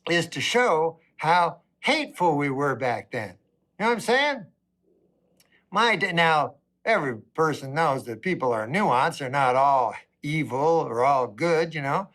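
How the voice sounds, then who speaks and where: A middle-aged man doing a stand-up comedy routine, with a deadpan, rambling delivery full of asides. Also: fairly high pitch, unhurried.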